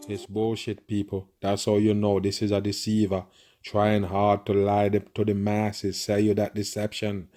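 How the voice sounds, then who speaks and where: Man, ranting reaction commentator, very deep, flat delivery, profane, conspiratorial. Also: normal speed. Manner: profane, conspiratorial, constant murmured agreement. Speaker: video commentator.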